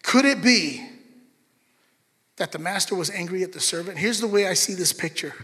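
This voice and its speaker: Male pastor, high bright voice, lively sermon delivery, long hall reverb. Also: normal speed. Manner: animated, chatty asides to the congregation.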